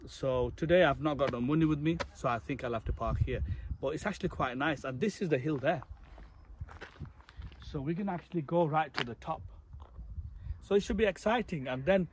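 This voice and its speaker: A man's voice: fairly high pitch, fairly quick, pauses often, background noise. Chatty man vlogging on a hill. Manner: chatty, talks straight to viewers. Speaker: travel vlogger. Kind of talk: casual walking vlog. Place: outdoors on a hillside, walking.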